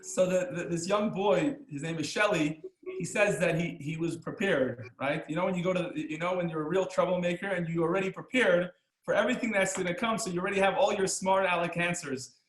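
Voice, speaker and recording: A man teaching a class as a rabbi, telling stories and jokes in an animated, chuckling way, acting out the lines of the people in them. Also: sits high, fairly quick, roomy sound, rough recording. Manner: animated, chuckling storyteller who acts out the characters' lines. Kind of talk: storytelling lesson with jokes.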